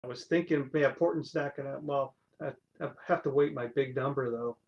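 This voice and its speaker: A man's voice: medium pitch, fairly quick, muffled recording. A man playing a tabletop game, thinking aloud and hesitating over his choices. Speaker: player. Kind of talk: casual tabletop game talk.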